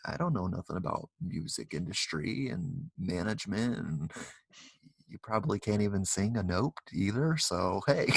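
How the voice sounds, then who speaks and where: Male host, deep and husky, loose rambling interview delivery, dry room sound. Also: no echo. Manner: rambling, many "you know" fillers. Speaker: talk show host. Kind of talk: casual interview.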